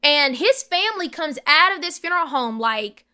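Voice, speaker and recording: A young woman, a podcast guest, telling an emotional personal story in an animated, emphatic way and acting out the voices of the people in it. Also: sits high, moderate pace.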